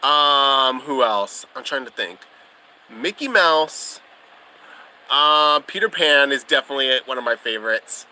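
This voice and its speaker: A young man chats through a casual livestream in a bubbly, gushing way and laughs often. His voice is bright and very lively, with a faint hum of noise behind him. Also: medium pitch, a little slow, poor audio. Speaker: livestream host.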